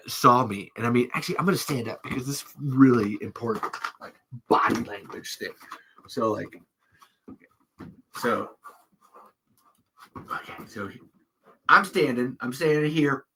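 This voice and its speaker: Bright-voiced, laughing, profane storyteller man. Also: medium pitch, a little slow, pauses often, a little hiss or hum. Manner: animated, profane, acts out quotes in raised voices; laughs often mid-sentence. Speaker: podcast host. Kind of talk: casual storytelling chat.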